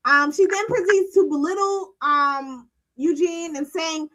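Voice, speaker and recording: A woman with a high voice hosts a loose panel discussion. She is blunt and profane, and she leans into every story. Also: unhurried, poor audio. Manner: blunt, animated, profane, acts out quotes. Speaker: podcast host recapping a reality show. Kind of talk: casual panel chat.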